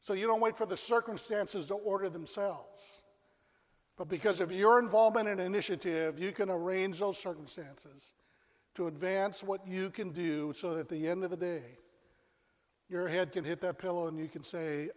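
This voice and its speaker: Male pastor, sermon delivery, dramatic pauses and hushed drops, high voice in a reverberant church. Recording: long reverb of a large hall.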